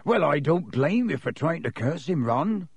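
A man voicing a huge, gruff but kindly gamekeeper who growls his words. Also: a little high, big pitch swings, normal speed, no echo, voice pushed up, full character voice. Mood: hearty. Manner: growling, hearty.

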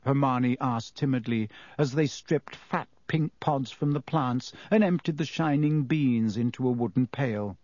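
A man narrating a children's novel in an expressive storytelling manner. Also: medium pitch, a little slow, few pauses, no echo. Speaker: audiobook narrator. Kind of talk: scripted narration.

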